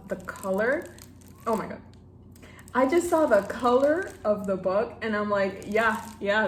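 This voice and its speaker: A woman's voice: medium pitch, slight background noise. Gushing, emotional young woman vlogger. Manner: gushing, emotional, laughs and teary outbursts. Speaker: book vlogger. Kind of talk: chatty reading vlog, opening gifts. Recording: echoey room with faint ambience.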